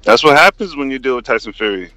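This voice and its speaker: A man calling in to give his opinion, halting and full of fillers. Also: medium pitch, lively intonation, bright, forceful tone, no echo, low-quality recording. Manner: hesitant with many fillers. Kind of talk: casual call-in opinion.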